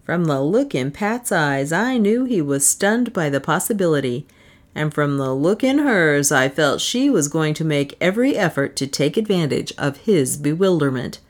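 A woman reading a short story aloud with an expressive delivery, and then commenting on it casually. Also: low voice, moderate pace. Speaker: story reader.

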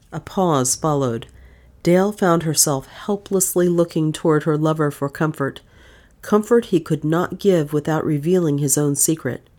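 A woman with a low voice narrating a mystery novel. Her telling is measured and even. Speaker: audiobook narrator. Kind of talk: scripted narration.

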